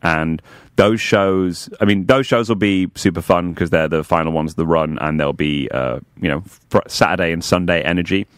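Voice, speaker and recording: Man, comedian guest, fairly low voice, dry studio sound, animated storytelling. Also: normal speed, clean tone, no room sound. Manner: animated anecdotes, jumps into high voices for quotes. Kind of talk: casual radio chat, storytelling.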